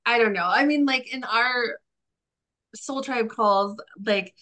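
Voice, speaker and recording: A woman's voice: a little high, slow pace, bright, forceful tone. A woman salon owner as a podcast guest, talking in a rambling, self-deprecating way full of "like". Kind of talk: conversational podcast interview.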